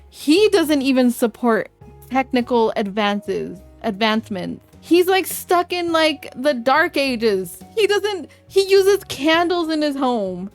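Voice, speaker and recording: Young woman streamer, chatty and excitable, highish voice, soft music in the back. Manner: chatty, excitable, gasping reactions. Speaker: game streamer. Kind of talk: live let's-play commentary.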